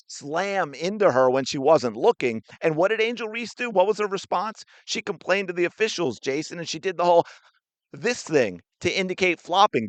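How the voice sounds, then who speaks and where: A man's voice: fairly high pitch, fairly bright tone, dry recording. A man hosting a sports podcast, ranting with indignant, sarcastic commentary while reacting to a clip.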